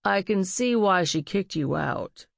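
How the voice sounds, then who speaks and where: A woman voicing a gruff, irritable young man who talks in curt, grumbling lines. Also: mid-range voice, lively intonation, unhurried, no room sound, studio quality. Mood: grumpy.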